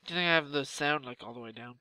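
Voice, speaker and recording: A young man giving loud, exasperated Let's Play commentary with swearing outbursts. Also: medium pitch, very fast, no echo. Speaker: gaming YouTuber.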